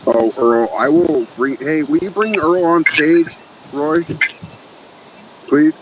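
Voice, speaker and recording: A man's voice: a little high, takes it slowly. A man hosting a casual livestream chat, joking and cursing as he reads out names from the chat. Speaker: podcast host. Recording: muffled with clear background noise.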